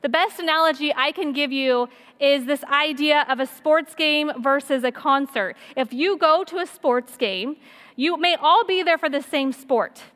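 A woman's voice: high voice, a little slow, a bit bright. A woman in her thirties giving a sermon, earnest and personal, telling stories and repeating her points. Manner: earnest, personal storytelling with repetition. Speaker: women's speaker. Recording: long reverb of a hall.

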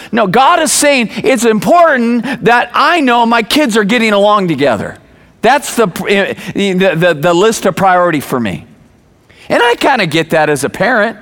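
A man in his forties, a pastor preaching a sermon, telling stories with lively acted-out voices and sudden raised words. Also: high-pitched. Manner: animated storytelling, acts out quoted voices, bursts of raised voice.

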